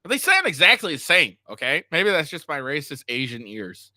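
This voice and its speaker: A male co-host with a very bright, forceful tone makes loose, rambling asides in casual commentary. His pitch sits mid-range. The sound is close and dry. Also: sing-song, moderate pace, no echo.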